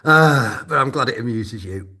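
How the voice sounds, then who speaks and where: A man at an ordinary middle pitch talks off the cuff to his stream chat. He rambles, swears often and leans on fillers as he goes. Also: expressive, moderate pace, bright, forceful tone. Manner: profane, rambling, many fillers. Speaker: volunteer drone operator answering live chat. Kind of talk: casual livestream chat.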